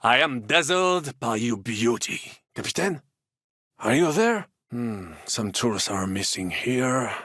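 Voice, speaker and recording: Theatrical French knight, French accent, game voice lines, crisp bright tone, close and dry. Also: male voice, medium pitch, very animated, slow, no echo, heavily acted. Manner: theatrical, boastful, peppered with French phrases. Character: flamboyant optimistic French knight, adult man.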